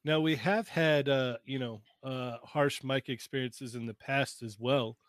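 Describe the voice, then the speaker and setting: A man's voice: medium pitch, steady tone, a little slow, dry recording. A man hosting a casual group livestream, upbeat and laughing easily as he reads viewer messages. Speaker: livestream host.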